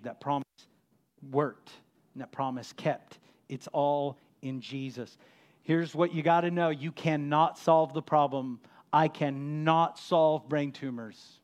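A middle-aged man preaching an impassioned sermon as a pastor, swelling to loud emphatic peaks and then dropping low and soft.

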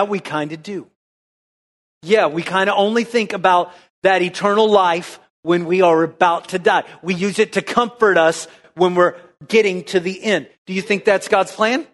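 A man preaching a lively sermon to his congregation, asking them rhetorical questions. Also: high-pitched. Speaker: pastor. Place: church.

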